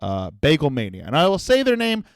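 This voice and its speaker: A young man from Florida, a comedian hosting his own podcast, ranting in a loud, profane, animated way and acting out little voices. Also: on the high side, fairly quick, no room sound. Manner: animated, profane, yelling rant with acted-out voices. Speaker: comedian host.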